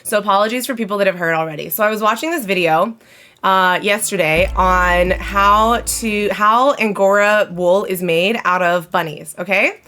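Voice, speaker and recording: A woman's voice: mid-range voice, normal speed, bright, forceful tone. A woman livestreaming from home, chatting casually and rambling to her viewers. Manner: chatty, rambling, talks to chat. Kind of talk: casual live-stream chat.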